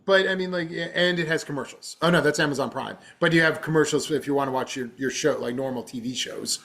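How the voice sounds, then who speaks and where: A man, co-hosting a podcast in casual, excitable chat, sometimes talking with his mouth full. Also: on the high side, fast talker, gravelly. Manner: chatty, excitable, talks while eating candy. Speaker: podcast co-host.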